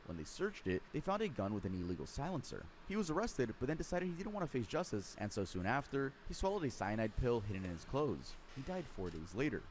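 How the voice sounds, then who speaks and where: Guy narrating true crime, pitch bouncing all over, sarcastic little jabs, faint ambience behind. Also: quick pace, hardly any pauses, slight background noise. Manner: lively storytelling, dry sarcastic asides.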